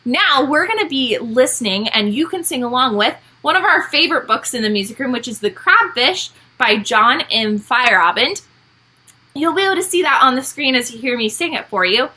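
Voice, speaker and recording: A high, bright woman's voice with a slightly husky edge, rising and falling a lot as she talks. She is a music teacher walking young children through a recorded online lesson. Her tone is upbeat and she explains each step. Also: very animated, moderate pace, low-quality recording.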